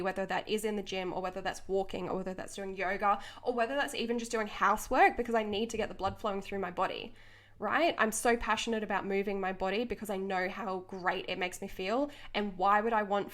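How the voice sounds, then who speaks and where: A woman's voice: mid-range voice, fairly bright tone. A young woman hosting her own podcast as a coach, talking unscripted in an earnest, passionate way and laughing between thoughts. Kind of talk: unscripted motivational podcast monologue.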